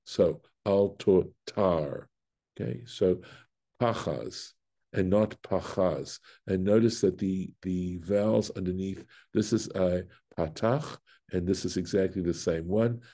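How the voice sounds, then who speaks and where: A man's voice: sits low, steady tone, normal speed, warm tone. A man, a rabbi, teaching a Torah lesson, reading Hebrew aloud and explaining it step by step, with fillers and self-corrections. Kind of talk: Bible study lesson.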